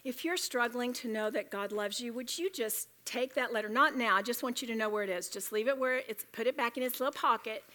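A woman's voice: fairly high pitch, fairly quick, hardly any pauses, sharp tone. A woman giving a Bible study talk to a room of women, chatty and joking yet earnest. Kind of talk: sermon.

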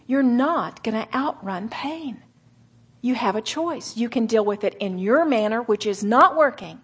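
A middle-aged woman preaching earnestly to a women's gathering, slowing for emphasis and dropping to soft whispered asides. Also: a little high, expressive, husky. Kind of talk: sermon.

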